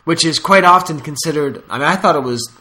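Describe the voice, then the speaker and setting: A man's voice: on the high side, quick pace, sharp tone. A man hosting a podcast in casual chat, rambling through stories with asides. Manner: rambling, storytelling with laughs and asides. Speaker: podcast host.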